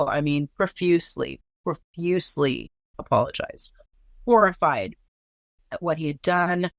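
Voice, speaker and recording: Woman w a low voice, earnest and blunt, telling her own story, dry sound. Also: measured pace, no echo. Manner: candid, earnest, swears freely. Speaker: guest. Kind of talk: personal storytelling.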